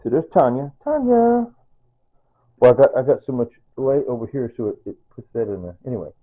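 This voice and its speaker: In his casual vlog, an older man talks fast in a medium-pitched voice, sentimental and rambling, and he repeats himself a lot. The sound is tinny and phone-like.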